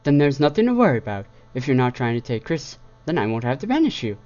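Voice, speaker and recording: A man's voice: mid-range voice, very animated, fast, a little mellow, voice pushed up, lightly acted. A man voicing a regal, motherly princess pony who teases her son, recorded on a dull lo-fi setup.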